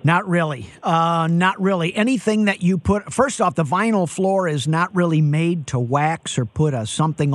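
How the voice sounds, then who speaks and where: A man's voice: high voice, dry recording. A man hosting a live radio call-in show on home repair, upbeat and chatty, with plenty of "you know" and playful jokes, speaking into a studio microphone. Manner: energetic, jokey, chatty with fillers.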